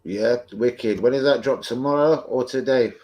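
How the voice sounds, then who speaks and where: A man's voice: mid-range voice, moderate pace, a little mellow. A man hosting a fan live stream, chatting casually, swearing freely and answering viewers off the cuff. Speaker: fan channel host.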